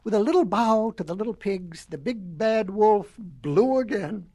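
A woman reading a children's storybook aloud, her pitch rising and falling in a very lively way. Her telling is folksy and expressive. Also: unhurried, a little hiss or hum.

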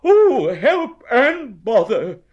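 A squeaky, anxious little teddy bear, put on by a man reading a storybook. He wails and whimpers in a high, strained, thin voice that swoops about a lot. He sounds plaintive and simple. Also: huge pitch swings, a little slow, darkish tone, slightly rough, highs cut off, heavily acted. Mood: distressed. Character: anxious plump male teddy bear, simple and fond of food.

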